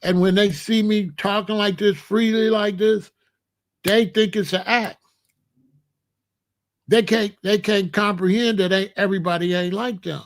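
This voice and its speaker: Speaking a little slowly in a high, steady voice, a middle-aged US commentary channel host talks bluntly and emphatically in a casual monologue, going over the same points again and again.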